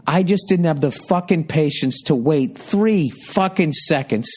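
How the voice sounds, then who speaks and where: A man in his fifties hosts a podcast in a higher-than-average voice with a breathy edge, keeping a measured pace. He rambles through an exasperated comic story crammed with heavy swearing.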